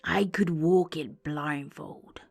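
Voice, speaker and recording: An old miser stirred by memory, read by a woman, his lines low and hushed in a slow storybook telling. faint music sits beneath the voice. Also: gravelly, slightly rough, exaggerated voice.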